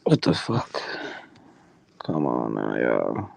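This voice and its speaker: A man's voice: extremely low pitch, sing-song, slow pace, creaky, no echo, studio quality. A man co-hosting a casual wrestling talk show, joking and swearing playfully. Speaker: podcast co-host.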